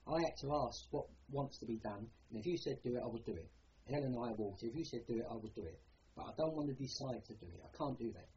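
Old cockney bloke telling war stories, warm soft voice, lots of you-knows, kinda muffled. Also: male voice, medium pitch, fast, slight background noise. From London. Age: older. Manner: rambling, plain-spoken, peppered with "you know". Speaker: war veteran interviewee. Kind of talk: oral history recollection.

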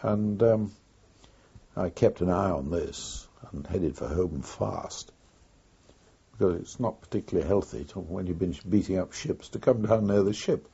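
An older man tells his story in an oral history interview, pausing often and recalling events in an unhurried way. His voice is deep, dark and mellow, and very husky. The recording is dull and lo-fi. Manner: unhurried, reflective storytelling with frequent pauses. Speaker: former wartime pilot interviewee.

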